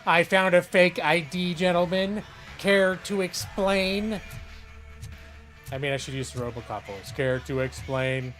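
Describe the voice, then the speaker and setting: A man putting on a slow, stilted robotic voice as a mock menacing cyborg cop. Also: high-pitched, fairly bright tone, soft background music, voice pushed up. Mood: mock-stern.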